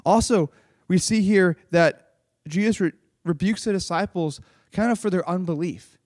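A man giving a lively children's sermon, reading a Bible passage and retelling it in casual, animated storytelling with lots of "like". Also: high-pitched, normal speed, no room sound, studio quality. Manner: casual, uses "like" often. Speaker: children's pastor.

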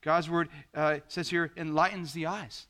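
A man preaching an earnest, gentle devotional sermon to listeners at home, with frequent fillers and restarts. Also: fairly high pitch, little pitch movement, a little slow. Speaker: pastor.

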